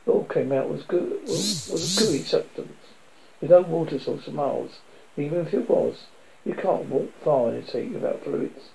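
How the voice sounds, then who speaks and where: A man reading a calm young leader. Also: a little high, moderate pace, gravelly, poor audio. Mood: explaining.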